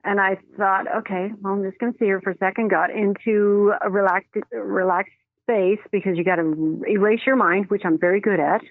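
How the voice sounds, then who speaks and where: A woman who works as a medium, telling stories in an animated way and acting out the voices in them. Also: mid-range voice, brisk, no echo. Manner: animated, acts out quoted voices, laughs often. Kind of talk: storytelling in a phone interview. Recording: dry tinny phone line.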